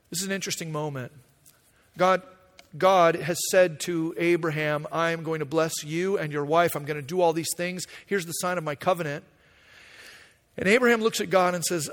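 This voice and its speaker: Man, pastor, sermon, higher voice, animated, acts out dialogue, echoing hall. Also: normal speed.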